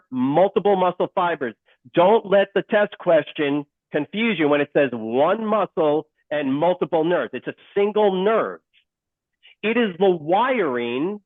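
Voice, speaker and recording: A man's voice: fairly high pitch, dry recording. Man teaching a class over a video call. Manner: animated, asks the class questions, repeats key points. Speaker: instructor. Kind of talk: live online lecture. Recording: dry, phone-like call audio.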